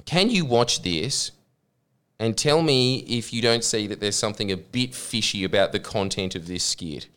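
A man's voice: on the low side, animated, moderate pace, a bit bright. A man hosting a podcast, cracking sarcastic jokes in casual banter. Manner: sarcastic, wisecracking. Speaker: podcast host.

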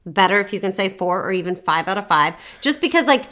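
A woman's voice: mid-range voice, expressive, quick pace, pushed and bright. A woman giving direct, upbeat dating advice in a casual podcast chat, once an actor. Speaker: dating coach guest.

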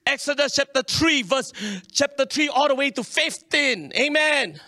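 A middle-aged man, preaching a sermon in an animated way, often calling out for an amen. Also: very high-pitched, moderate pace, no echo, studio quality. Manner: animated preaching with calls for amen, mixes in local slang. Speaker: pastor.

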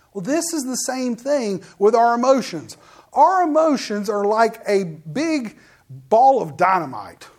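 Man, preacher, casual sermon, folksy, animated, talks directly to listeners. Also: high-pitched.

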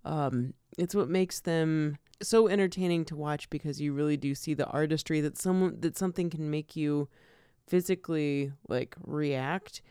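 Animated woman co-hosting a film podcast. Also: sits low, moderate pace, smooth, dry recording, studio quality. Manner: animated, laughs often, loves animals. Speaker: podcast co-host. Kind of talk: casual film discussion.

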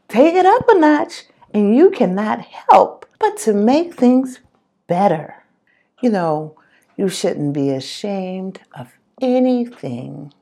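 A woman's voice: fairly low pitch, vocal fry, dark tone. A woman giving an earnest, encouraging motivational monologue and repeating phrases for emphasis.

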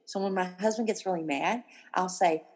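A woman's voice: lowish voice, normal speed, husky. A woman in her fifties, a guest in a casual interview, talking animatedly and acting out the lines of the people she quotes. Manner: animated, acts out quoted dialogue.

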